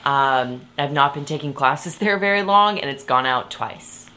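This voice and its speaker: A young woman with a low voice hosts her podcast from her bed. She rambles loosely and cuts herself off mid-thought. She breaks into laughter often. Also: lively intonation, slow, pauses often, bright, forceful tone, a little hiss or hum. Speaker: podcast host. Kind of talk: casual chat. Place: bedroom, sitting on her bed.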